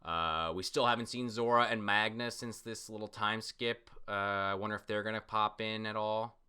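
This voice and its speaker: A man giving a casual, excitable manga reaction and recap, full of fillers and the odd curse when surprised. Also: fairly low pitch, normal speed, clean tone. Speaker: manga reviewer.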